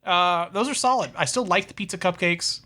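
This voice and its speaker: A man's voice: sits high, fairly quick, bright, forceful tone. A man co-hosting a comedy podcast, rambling in casual chat with lots of restarts. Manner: rambling, many restarts and fillers. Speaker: podcast co-host.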